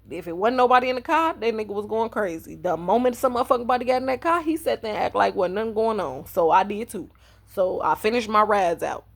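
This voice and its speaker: A woman's voice: fairly low pitch, vocal fry, slightly rough. A woman telling a personal story on her vlog in a casual, blunt and profane way. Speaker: vlogger.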